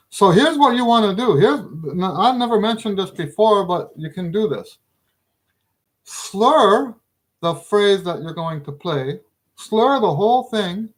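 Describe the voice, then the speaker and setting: A middle-aged man teaching trumpet in a casual video lesson, chatty and emphatic, laughing often as he explains. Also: sits high.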